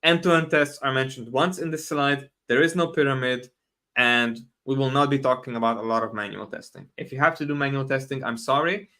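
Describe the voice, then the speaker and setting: Casting note: a man as a live stream host, relaxed and chatty, mid-pitched voice, often restarting his sentences. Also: fairly quick. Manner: casual, self-correcting, laughs often, answers chat questions. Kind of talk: live stream talk on software testing.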